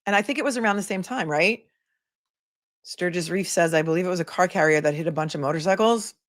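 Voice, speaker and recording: A woman's voice: fairly low pitch, fast talker. Chatty woman hosting a livestream. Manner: chatty, laughs often, reads viewer comments aloud. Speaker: attorney and livestream host. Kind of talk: casual livestream chat reading comments.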